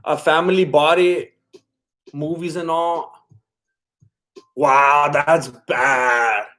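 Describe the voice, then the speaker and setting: A man hosting a live stream in casual chat, rambling and laid-back as he reacts to viewer comments. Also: on the high side. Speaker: livestream host.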